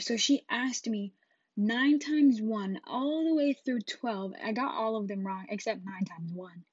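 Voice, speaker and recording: A woman hosts a podcast and tells a personal story in an animated, casual way, acting out the scenes as she goes. Her voice sits in a middle pitch. The recording is dull and dry. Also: normal speed, no echo. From Jamaica. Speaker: podcast host.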